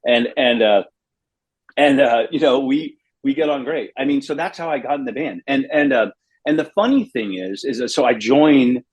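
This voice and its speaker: Husky middle-aged rock bassist storytelling. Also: male voice, moderate pace. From Los Angeles, USA. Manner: rambling, animated anecdotes with acted quotes. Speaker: bass player, guest. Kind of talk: casual interview storytelling.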